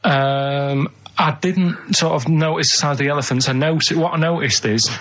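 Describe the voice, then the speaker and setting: A man on a comedy radio show, telling a rambling, earnest story in a flat, deadpan way while the others tease him. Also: on the high side, moderate pace. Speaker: radio co-host presenting a segment.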